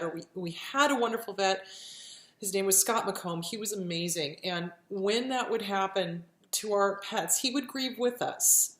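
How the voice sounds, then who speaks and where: A woman therapist speaks straight to the camera in a blunt, emphatic way, swearing freely and sounding close to tears. Her voice sits at an ordinary middle pitch and rings around an echoey room. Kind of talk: casual advice vlog to camera.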